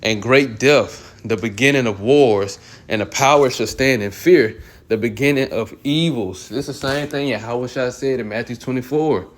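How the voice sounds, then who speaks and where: A man teaching from scripture. He reads verses aloud slowly, then explains them in loose, everyday slang. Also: medium pitch, a little hiss or hum. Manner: slow and deliberate when reading scripture. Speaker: Bible teacher. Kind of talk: casual scripture reading and commentary.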